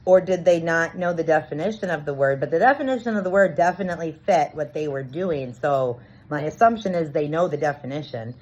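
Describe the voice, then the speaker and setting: Woman, low-ish voice, earnest and searching, personal monologue, muffled lo-fi recording. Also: a little fast, a little mellow. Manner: earnest, searching, reenacts dialogue. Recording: dull lo-fi recording.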